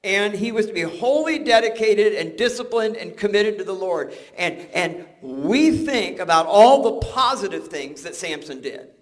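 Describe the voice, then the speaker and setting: A man's voice: sits high, lively intonation, moderate pace, few pauses. An older man preaching a sermon, conversational and joking, often restarting his words. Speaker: pastor.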